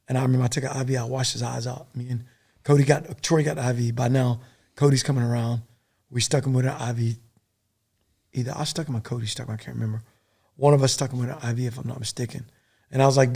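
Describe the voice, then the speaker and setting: A middle-aged man, a podcast guest and former soldier, telling a war story in a profane, animated, rambling way. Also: medium pitch, fast talker, vocal fry.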